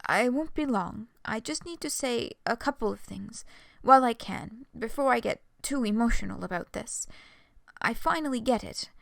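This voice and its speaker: A woman's voice: on the high side, creaky, fairly bright tone, dry recording, clean studio sound. A woman voicing a tender alien woman.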